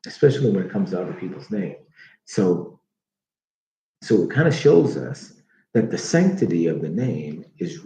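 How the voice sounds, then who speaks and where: Slow, deep-voiced man teaching. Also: warm tone. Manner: slow, repeats names aloud, many fillers. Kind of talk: teaching monologue. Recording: dull echoey room recording.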